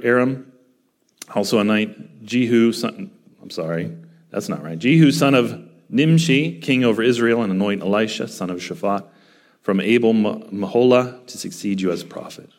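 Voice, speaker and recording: A pastor preaching in a lowish male voice that swings high when he presses a point and drops soft when he reads. He asks the room rhetorical questions and answers them himself. He moves back and forth between scripture passages and plain talk. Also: moderate pace. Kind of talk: sermon.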